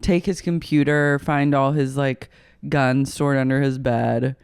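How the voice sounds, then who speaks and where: A podcast co-host riffing through a TV recap with animated, profane jokes. The voice has a gravelly, fry-edged texture and sits at a middle pitch. It is recorded close on a studio mic in a dry, dead room. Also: a little slow, dry recording. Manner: animated, profane, jokey banter. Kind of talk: casual chat recapping a TV episode.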